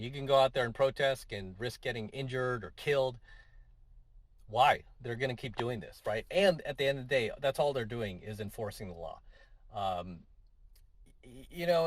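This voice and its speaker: A man delivering a talking-head opinion monologue in a loose, conversational way. He restarts sentences and tags on rhetorical questions as he goes. His voice sits at an ordinary middle pitch, and the recording is dry and close with no room echo. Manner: conversational, frequent tag questions, repeats himself. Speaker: commentary vlogger.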